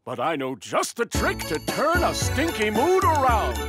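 A woman voicing a kindly old Santa Claus with a cold, who talks in a gentle, singsong way. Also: on the high side, huge pitch swings, a little slow. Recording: cartoon soundtrack with loud music.

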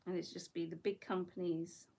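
A woman's voice: on the low side, little pitch movement, moderate pace, vocal fry, warm tone, slightly rough. A middle-aged woman chatting casually while she paints in her bedroom, rambling and laughing often. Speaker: watercolour artist.

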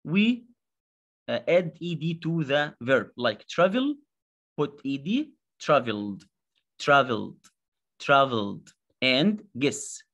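A man with an Egyptian accent teaching an English lesson, halting with many fillers and repeated words as he drills pronunciation. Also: on the high side, very animated. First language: Arabic. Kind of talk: slow classroom explanation.

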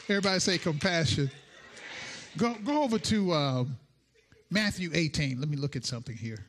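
Pastor preaching, high voice, swings up and down a lot, playful and animated. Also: male voice, normal speed, pauses often. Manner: animated, playful, acts out quotes. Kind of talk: sermon.

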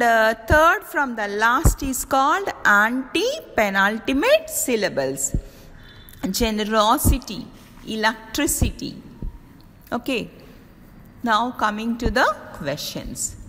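A woman college teacher with an Indian English accent, slowly reading out word lists in a recorded lecture. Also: a little high, wildly swooping pitch, sharp tone, in a large hall, a little hiss or hum, poor audio.

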